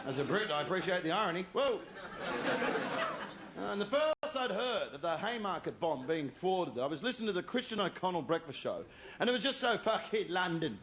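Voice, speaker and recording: A man performing a stand-up comedy routine, telling stories with animated delivery and shouted punchlines. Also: sits high, brisk, crowd noise. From Australia. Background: audience laughter.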